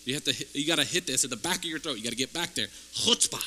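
A man's voice: on the high side, rapid-fire, sharp tone, slight background noise, low-quality recording. A man preaching a sermon to a church congregation, conversational at first and building to fervent, emphatic peaks. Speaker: pastor.

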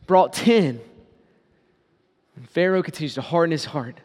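A man preaching a sermon as a pastor, pleading and swinging from loud appeals to quiet, low asides. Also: big-room sound.

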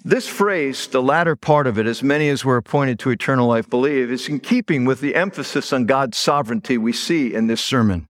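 A man's voice: mid-range voice, brisk, few pauses. A middle-aged man preaching a sermon as pastor, telling stories in a conversational way and leaning hard on key words. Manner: conversational storytelling with stressed words.

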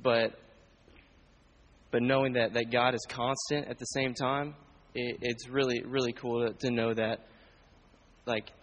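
A man's voice: medium pitch, level tone, unhurried, slight background noise, rough recording. A young man, a student, sharing a casual, hesitant testimony in a church group. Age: young adult. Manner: hesitant, many restarts.

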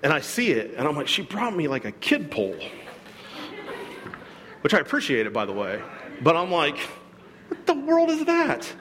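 A man preaching a sermon to his congregation, animated and joking, acting out quoted voices as he goes. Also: fairly high pitch, normal speed, long pauses, in a large hall, noisy background. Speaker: pastor. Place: church hall.

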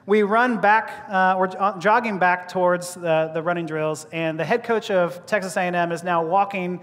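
Guy preaching, high voice, big reverby church hall, animated storytelling w laughs. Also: moderate pace. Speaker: pastor. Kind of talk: sermon with personal story.

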